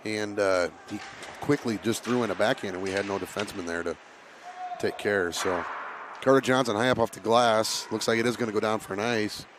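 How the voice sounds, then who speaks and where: A man with a raspy voice calling a youth hockey game play by play, casual, with filler words and frequent throat clearing. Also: lowish voice, fairly quick, noisy background. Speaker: play-by-play announcer. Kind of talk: amateur hockey commentary.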